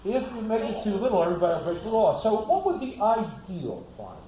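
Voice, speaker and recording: A man's voice: high-pitched, very animated, brisk, dark tone, reverberant, highs cut off. A man giving a classroom lecture, asking the class rhetorical questions and acting out little scenes.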